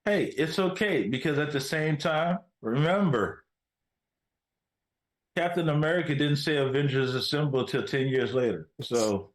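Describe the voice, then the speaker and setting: A man co-hosting a casual movie review, joking and bantering quickly with his partner. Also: fairly high pitch, echoey room.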